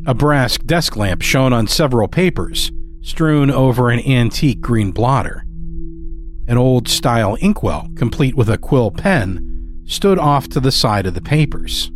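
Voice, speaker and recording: A man narrating a dark, humorous story in a measured, descriptive way. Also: mid-range voice, lively intonation, slight background noise. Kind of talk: scripted horror story narration.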